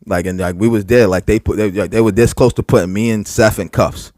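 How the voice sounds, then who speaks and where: A man on a podcast retells a rough night at length, full of "like" and restarts and a lot of swearing. His voice sits on the low side, and the sound is close and dry, with no room around it. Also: fairly quick, no room sound. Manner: heavy filler words, profane, animated retelling. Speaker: podcast co-host. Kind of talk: casual storytelling.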